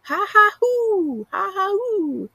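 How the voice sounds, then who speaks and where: A woman voicing a free-roaming male dog who laughs loudly and scornfully at leashed pets. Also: very animated, takes it slowly, vocal fry, dry recording, heavily acted. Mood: mocking glee. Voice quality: high hooting laugh. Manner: loud, gleeful, scornful.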